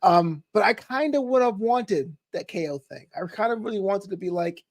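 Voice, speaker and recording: A man's voice: high-pitched, animated, moderate pace, hardly any pauses, no echo. A man co-hosting a wrestling podcast, chatting casually in a rambling, jokey way. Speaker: podcast co-host. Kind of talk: casual chat.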